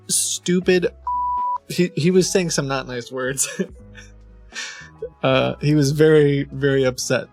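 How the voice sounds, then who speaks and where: A man hosting a stream, chatting casually and telling an amused story. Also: on the high side. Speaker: streamer host.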